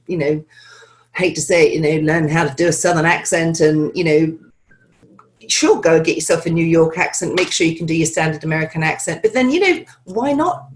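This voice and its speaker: Lively, chatty woman accent coach. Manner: lively and chatty, with frequent laughs and jumps in pitch. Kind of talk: video interview answering listener questions.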